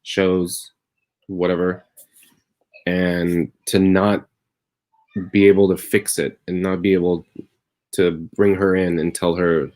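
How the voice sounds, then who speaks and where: A man with a low, deep voice talks on a live stream from his bedroom. He tells a meandering story in a loose, chatty way that swings between wry jokes and quiet tenderness. The sound comes through a plain computer mic. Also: level tone, slow, pauses often. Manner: rambling storytelling, turning wry then tender. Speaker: comedian hosting a live stream. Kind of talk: casual confessional monologue.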